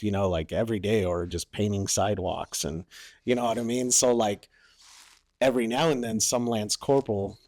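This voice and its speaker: A man's voice: fairly low pitch, a little mellow, dry recording, studio quality. A man and former Marine telling war stories on a podcast in a loose, profane way, full of "like" and "you know". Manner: loose, profane, heavy use of "like". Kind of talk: casual storytelling.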